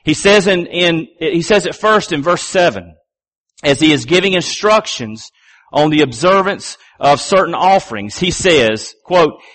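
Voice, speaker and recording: A man in middle age delivers a measured sermon in a voice pitched a little high for a man. He hammers his main phrases through repetition. When he reads scripture, he drops low and slows right down. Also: expressive, a bit bright. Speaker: pastor.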